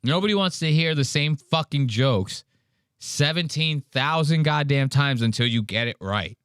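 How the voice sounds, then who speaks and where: A man's voice: fairly high pitch, moderate pace, clean tone, no echo, clean studio sound. A man hosting a podcast, ranting in casual chat with lots of swearing. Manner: profane, ranting, animated. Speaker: podcast host.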